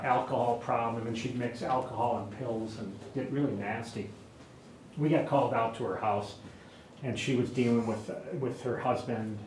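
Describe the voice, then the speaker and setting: A male trainer talks through crisis de-escalation in a relaxed, story-driven way, often restarting and adding asides. His ordinary mid-range voice rings in a reverberant room over faint background noise. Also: mid-range voice. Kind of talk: conversational lecture. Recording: echoey room.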